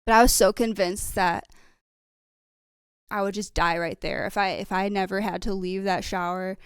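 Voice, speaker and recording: A woman telling her personal faith testimony in an earnest, casual and animated way, often laughing as she goes. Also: mid-range voice, normal speed, clear, resonant tone, no room sound, studio quality.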